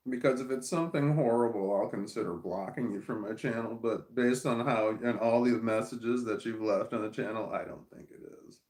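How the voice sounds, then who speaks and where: A man's voice: mid-range voice, normal speed, few pauses, darkish tone, echoey room. An American man reading live chat aloud on his stream, rambling, swearing and restarting his sentences. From United States. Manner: rambling and profane, with frequent restarts. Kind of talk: casual livestream chat.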